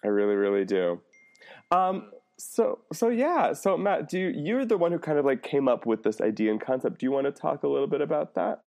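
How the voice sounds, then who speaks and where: A man's voice: on the high side, sing-song, a little fast, creaky, a little mellow. A man co-hosting a podcast in casual banter, giggly and trailing off with um's. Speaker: podcast co-host.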